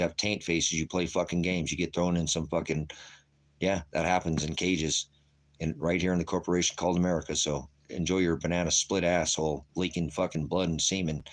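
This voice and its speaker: A man streaming a rambling, profane rant to viewers as a preacher. He keeps calling them brothers and sisters, jumps between topics and restarts his sentences. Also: low-pitched.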